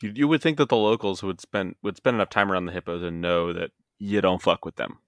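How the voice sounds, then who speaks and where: A man's voice: deep voice, quick pace, fairly bright tone, no echo, clean studio sound. A man co-hosting a podcast, reacting with wry interjections in casual chat. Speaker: podcast co-host.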